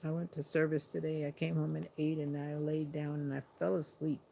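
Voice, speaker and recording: Sleepy, gravelly-voiced woman chatting on a livestream. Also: low-pitched, level tone, warm tone, slight background noise. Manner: unhurried, chatty, talking to viewers. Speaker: livestream host. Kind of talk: casual livestream chat.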